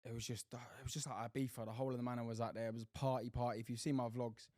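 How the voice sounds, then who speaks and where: Racing along at medium pitch, this young podcast co-host is recorded cleanly in the studio with no echo. He tells animated stories in a casual chat, packed with slang and swearing.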